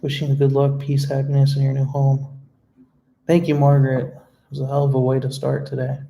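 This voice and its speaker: A man's voice: medium pitch, completely flat delivery, fairly quick, creaky, mellow, low-quality recording. A young man chatting casually on his live stream, earnest and emotional, rambling a little as he answers viewers' comments. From United States. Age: young adult. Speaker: vlogger hosting a live stream.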